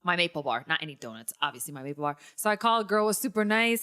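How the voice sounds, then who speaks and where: A young woman hosting a casual podcast, telling a long story and swinging up into high, excited tones. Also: fast. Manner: animated storyteller, jumps to high excited pitch. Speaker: podcast host.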